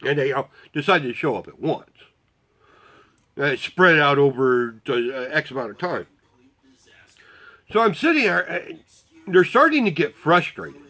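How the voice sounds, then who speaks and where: High-pitched, blunt profane man. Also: very animated, unhurried, long pauses, bright, forceful tone, low-quality recording. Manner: rambling with restarts. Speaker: volunteer motorcycle parade marshal. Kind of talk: casual storytelling.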